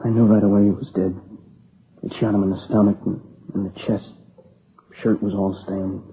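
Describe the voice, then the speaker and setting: An actor playing a shaken, exhausted young man who talks in halting restarts, near tears, in a 1950s radio crime drama. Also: on the low side, flat delivery, natural voice. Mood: grief-stricken. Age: young adult. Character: shaken young man, grieving survivor of a robbery. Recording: tinny lo-fi old broadcast with hiss.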